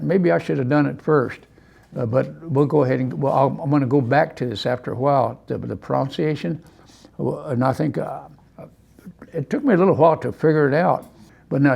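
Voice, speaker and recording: Gravelly man teaching a language class. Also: a little high. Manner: relaxed, repeats words slowly for students, chuckles.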